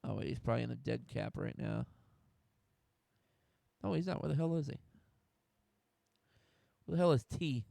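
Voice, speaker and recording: A man's voice: medium pitch, expressive, moderate pace, creaky, pauses often, dark tone, dry recording. A young man from the United States hosting a solo sports talk stream, getting fired up, swearing and restarting his sentences. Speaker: host.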